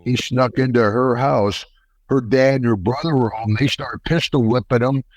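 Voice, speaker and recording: An older American man, a retired wrestler, telling a story in a folksy, animated way and acting out the quotes. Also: mid-range voice, normal speed, crowd noise, rough recording. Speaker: podcast guest, retired wrestler. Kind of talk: casual storytelling interview.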